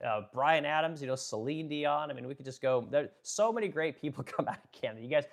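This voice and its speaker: Fast-talking blunt male livestreamer. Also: fairly high pitch, animated. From Pacific Northwest, Oregon. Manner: blunt, profane, rambling with many fillers. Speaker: livestream host reading chat. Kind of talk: casual livestream chat.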